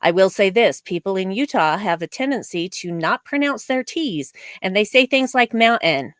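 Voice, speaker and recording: A woman's voice: medium pitch, expressive, normal speed, no room sound, clean studio sound. A woman co-hosting a casual fan discussion, emphatic and opinionated with a playful lecturing streak. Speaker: co-host of a fan discussion show. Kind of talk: casual panel chat.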